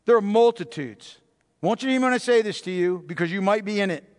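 High-voiced preacher man in a big hall. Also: lively intonation. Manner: emphatic, repeating phrases, slowing down to stress words. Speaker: pastor. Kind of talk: sermon. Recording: long reverb of a large hall.

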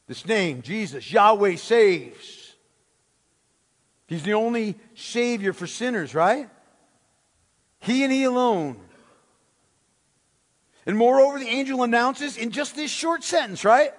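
A man's voice: very high voice, animated, slow pace, pauses often. A man preaching a sermon as pastor, emphatic, with rhetorical questions and words repeated for stress. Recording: long hall reverb.

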